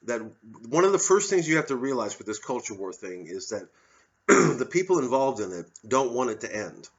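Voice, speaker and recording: A man's voice: medium pitch, very animated, moderate pace. Male comic, angry sardonic rant, profane, somewhat muffled audio. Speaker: comedian doing a solo show. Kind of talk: ranting monologue. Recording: slightly dull lo-fi audio.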